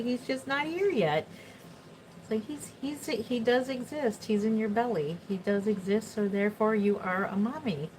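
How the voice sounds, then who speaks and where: A woman's voice: mid-range voice, a little hiss or hum, rough recording. A middle-aged woman chatting casually and rambling on a livestream as a doll artist, laughing often.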